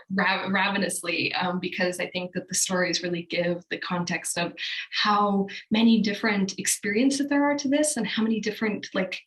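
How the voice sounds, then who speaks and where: A woman's voice: mid-range voice, reverberant, rough recording. A woman speaking as a psychic medium guest, telling stories casually in a podcast interview, rambling with many fillers and restarts.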